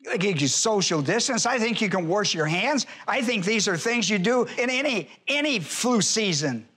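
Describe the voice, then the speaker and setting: A man preaching a sermon in church in a folksy way, hollering at times and then dropping low, and acting out quoted voices. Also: expressive, normal speed, sharp tone, slightly rough. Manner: acts out quoted voices in a high pitch. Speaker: pastor.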